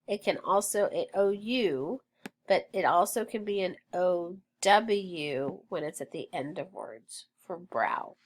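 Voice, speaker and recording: A woman teaching a phonics lesson, sounding out words slowly and encouraging her students. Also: lowish voice, lively intonation, a little hiss or hum. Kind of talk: slow, deliberate phonics drill.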